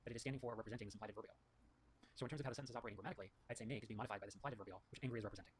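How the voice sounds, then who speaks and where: A man's voice: fairly low pitch, very fast, a little hiss or hum. A man hosting his own show, reading emails aloud and thinking through grammar points, often correcting himself mid-sentence. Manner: rambling, self-correcting, reads quotes aloud. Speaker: host reviewing writing feedback.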